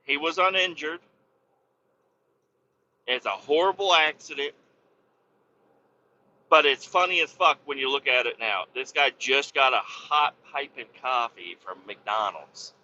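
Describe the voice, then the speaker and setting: A man's voice: medium pitch, measured pace, long pauses, lo-fi sound, slight background noise. A man hosting a podcast, casually telling a story with a lot of cursing and repeating himself. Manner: profane, animated, repeats himself.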